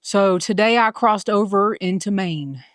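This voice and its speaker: A woman's voice: mid-range voice, a little slow, dry recording, clean studio sound. A woman with a Southern US accent vlogging casually from a mountain summit, chatty and self-deprecating, filmed on a handheld phone. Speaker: hiker and vlogger. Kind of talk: casual trail vlog.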